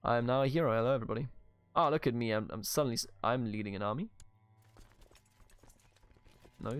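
A man's voice: mid-range voice, expressive, fast talker, clear, resonant tone, faint music behind. A man giving casual, playful gameplay commentary as a let's play host, reading event text aloud and swearing casually.

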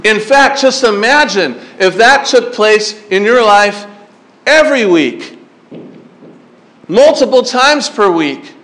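Man, pastor, high voice, camp sermon, acts out stories, questions the crowd. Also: takes it slowly. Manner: animated storytelling, acts out his younger self. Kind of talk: sermon to teen campers.

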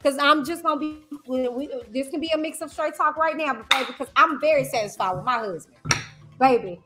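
A woman YouTuber hosting a livestream commentary, talking in an animated, emphatic way and repeating phrases. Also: high voice, brisk, very noisy. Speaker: YouTuber host.

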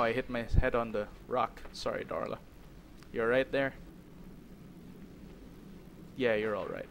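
A young man commentating a video game, excitable and jokey, talking to his character as he plays. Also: mid-range voice, slight background noise. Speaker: gaming YouTuber. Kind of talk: let's play commentary.

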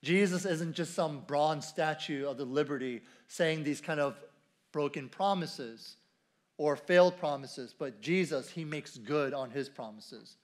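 High-voiced male pastor preaching. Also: measured pace. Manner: conversational, repeats key phrases, asks the congregation questions. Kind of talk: sermon. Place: church service.

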